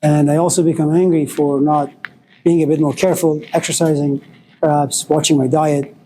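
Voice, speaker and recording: A man's voice: a little high, level tone, moderate pace, warm tone, slight background noise, poor audio. A man giving a storytelling lecture in a wry, dramatic way.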